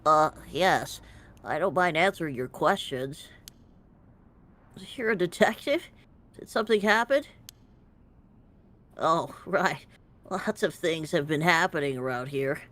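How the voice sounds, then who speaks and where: A woman voicing a nerdy, calm young male college student in a game read-through. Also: low-pitched, measured pace, pauses often, pitched below the performer's own voice. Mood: polite. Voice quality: nasal nerdy voice. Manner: unsettlingly calm, evasive. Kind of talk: voicing game characters aloud.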